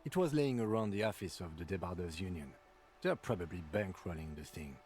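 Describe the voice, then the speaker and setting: A man voicing a calm, reserved police detective partner in a video game, speaking in a matter-of-fact way. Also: low-pitched, brisk, a little hiss or hum. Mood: dry.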